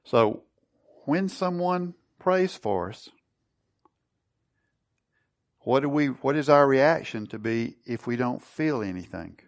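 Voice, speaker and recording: Gravelly-voiced man preaching a sermon. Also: medium pitch, expressive, a little slow. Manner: teaching, asks the congregation questions. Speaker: pastor.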